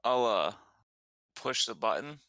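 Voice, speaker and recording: A man's voice: mid-range voice, big pitch swings, takes it slowly, pushed and bright, no room sound. A man playing a tabletop game, laid-back and casual. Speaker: player.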